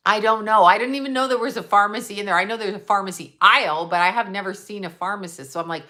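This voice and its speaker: Woman, casual livestream chat, bright tone, animated rambling, blunt and profane. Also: medium pitch, fast talker, hardly any pauses. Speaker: psychic medium livestream host. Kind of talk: casual live-stream chat.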